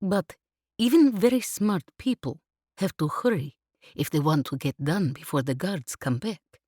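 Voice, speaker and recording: Narrator plays a tough protective mom, soft thick voice, low, dry audiobook sound. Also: female voice, expressive, a little slow, no echo. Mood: tender. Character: hard protective mother, tender with her daughter.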